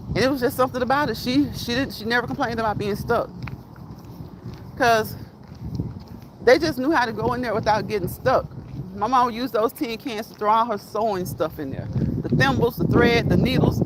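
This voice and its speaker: A middle-aged woman on a casual walk-and-talk livestream, rambling to her viewers as she walks down a street, recorded on a phone. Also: on the high side. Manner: rambling, chatty, talks straight to viewers. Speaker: vlogger reading live chat. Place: outdoors on a street with passing traffic. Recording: clear street noise and traffic.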